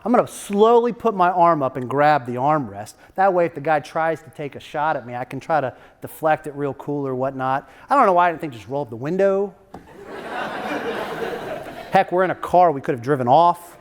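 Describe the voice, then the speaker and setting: A man's voice: a little high, animated, normal speed, long reverb tail. A man speaking as a guest lecturer to a campus audience, in a casual, chatty storytelling way. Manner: casual, chatty, laughs at his own stories.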